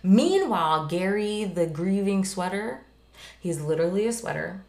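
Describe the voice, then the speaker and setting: A woman's voice: mid-range voice, animated, normal speed, a little mellow. A woman co-hosting a podcast who talks casually and with energy, swearing freely as she retells scenes. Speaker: podcast co-host. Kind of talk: casual chat. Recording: roomy echo.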